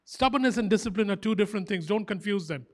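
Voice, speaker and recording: A man's voice: sits high, quick pace. A man preaching a sermon as pastor, emphatic and fervent, repeating short phrases for stress. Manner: fervent, animated exhortation.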